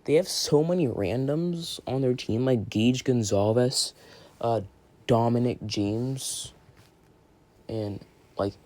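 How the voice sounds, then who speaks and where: A man hosting a casual solo sports podcast, rattling off hockey predictions in a rambling, excitable way and often restarting mid-sentence. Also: mid-range voice, slow, pauses often. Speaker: podcast host.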